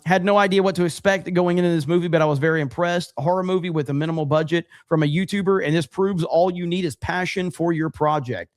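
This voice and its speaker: A man with a somewhat high voice hosts a casual podcast and talks in a blunt, emphatic way. He swears freely and reacts to clips without holding back. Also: no echo, studio quality. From United States. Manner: reads donor names and thanks them. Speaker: podcast host.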